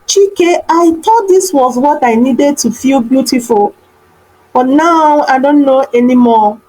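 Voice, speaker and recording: A woman's voice: sits high, measured pace, a little mellow, poor audio. A woman doing a nervous stammering young woman. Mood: tearful. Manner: stammering, anxious.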